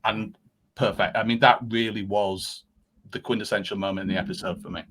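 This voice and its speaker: A man's voice: fairly low pitch, steady tone, brisk, fairly bright tone. A man appearing as a guest on a podcast, chatting enthusiastically and rambling with frequent restarts. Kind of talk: casual podcast chat.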